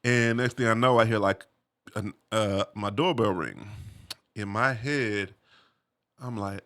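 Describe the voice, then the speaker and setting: A man casually telling a personal story, animated, full of slang and "you feel me" asides. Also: on the low side, slow, pauses often.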